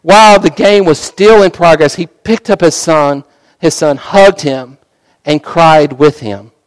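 Male pastor, dramatic storytelling sermon, a bit high-pitched, dry close sound. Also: measured pace, clear, resonant tone, dry recording, poor audio. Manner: dramatic, swings from fervent to hushed.

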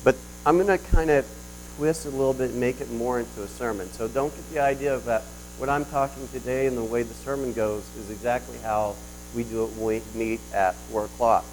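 A man's voice: mid-range voice, steady tone, brisk, darkish tone, a little hiss or hum, rough recording. A man delivering a sermon in a conversational storytelling way, telling a personal story with frequent restarts. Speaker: preacher.

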